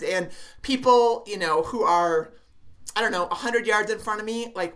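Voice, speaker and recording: A woman's voice: lowish voice, a bit bright. A woman co-hosting a casual chat, giving running advice with lots of fillers and restarts. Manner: chatty, many fillers and restarts. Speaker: running podcast co-host.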